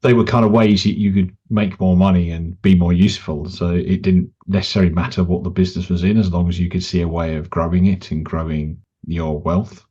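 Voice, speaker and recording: A man's voice: low-pitched, fairly even intonation, fairly quick, few pauses, mellow, husky. A man hosting a podcast who asks long, rambling questions with a hesitant, easygoing manner. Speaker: podcast host. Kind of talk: conversational interviewing. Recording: dull lo-fi sound.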